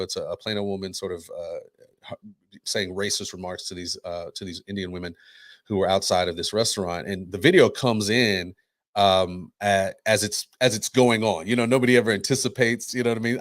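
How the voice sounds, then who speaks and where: A man co-hosting a podcast in relaxed conversation. He tells stories in an animated way and slips into the voices of the people he describes. His voice sits in a middle range and sounds dry and close to the mic. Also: on the low side, quick pace, dry recording. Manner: animated storytelling, acts out quoted voices. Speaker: podcast co-host. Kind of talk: casual chat.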